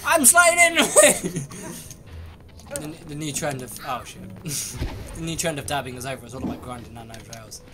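A man's voice: mid-range voice, steady tone, a little fast. A man bantering crudely while playing a co-op game. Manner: crude, jokey, swearing often. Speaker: gamer. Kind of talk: casual co-op gameplay banter. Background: loud game music.

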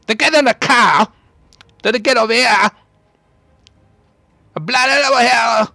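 Man doing a high loud mock Cockney accent, exaggerated, close dry sound. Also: slow pace, dry recording, full character voice. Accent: put-on Cockney. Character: mocked adult male Cockney speaker, loud.

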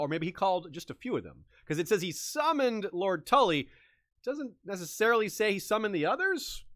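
A man talks through history in a loose, thinking-aloud way, restarting sentences as ideas come to him. His voice is bright and forward, recorded very dry and close. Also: fairly high pitch, dry recording. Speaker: podcast host. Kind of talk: casual history discussion.

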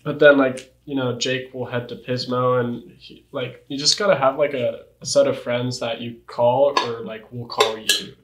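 A man's voice: medium pitch, level tone, normal speed, echoey room, slight background noise, poor audio. A young man chatting casually as an interview guest, laid-back, full of surfer slang and "like". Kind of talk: casual chat.

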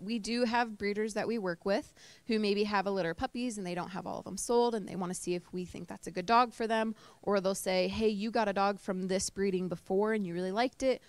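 A woman's voice: medium pitch, fairly even intonation, fairly quick, smooth, no room sound. Woman giving a casual talk to a small crowd, chatty, lots of ums, dry close sound. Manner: chatty, emotional, with fillers and laughter. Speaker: service dog trainer giving a talk. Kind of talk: informal presentation to a live group. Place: indoor talk to a small audience.

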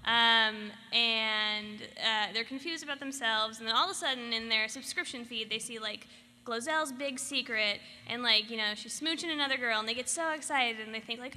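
Woman, panel moderator, very bright voice, animated, echoey hall, faint noise. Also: on the high side, moderate pace. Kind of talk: live panel discussion. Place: convention hall stage.

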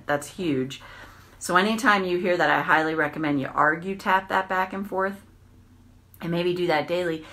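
A woman tapping coach giving an earnest, reflective self-help talk on a livestream, repeating phrases and slowing down for emphasis. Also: fairly low pitch, bright, forceful tone.

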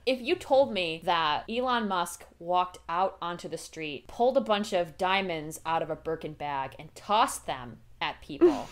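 Lively, animated woman podcaster. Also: lowish voice, a little slow, hardly any pauses. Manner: animated, laughs often, acts out reactions. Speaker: podcast co-host. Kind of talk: casual fan chat.

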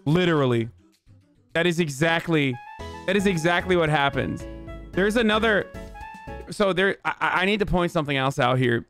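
A man in his thirties streaming, reacting and explaining in a rapid, profane, conversational way. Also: fairly high pitch, a bit bright, faint music behind. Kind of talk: live-stream reaction commentary.

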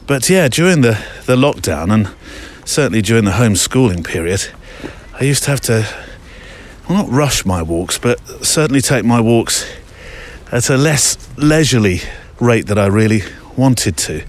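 A man's voice: medium pitch, animated, normal speed. A man hosting a podcast while out walking, chatting and reading listener emails, recorded with a handheld recorder outdoors. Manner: chatty, rambling, reads listener emails aloud. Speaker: podcast host. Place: outdoors on a country walk. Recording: faint outdoor ambience.

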